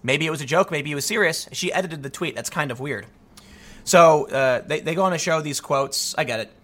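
Bright-voiced emphatic male commentator. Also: fairly high pitch, a little fast. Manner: emphatic, repeats words when building a point. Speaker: political commentator. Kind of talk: opinionated monologue.

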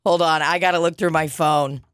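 A woman's voice: sits low, fairly even intonation, measured pace, no room sound, studio quality. A woman co-hosting a podcast, telling a story in laid-back casual chat, laughing often and swearing casually. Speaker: podcast co-host.

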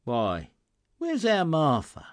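A man reading aloud, putting on the voice of a gentle, poor Victorian father speaking tenderly. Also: on the low side, lively intonation, unhurried, no echo, studio quality. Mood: surprised. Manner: tender, earnest.

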